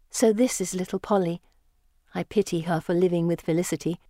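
A woman reading a first-person storybook in a measured, lyrical way. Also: on the low side, steady tone, dark tone, dry recording, clean studio sound. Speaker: audiobook narrator.

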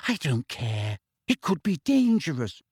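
A man voicing an indignant teenage schoolgirl, sharp and scolding, in an audiobook. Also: on the high side, huge pitch swings, measured pace, vocal fry, husky, no echo, studio quality, full character voice. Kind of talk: audiobook character voice.

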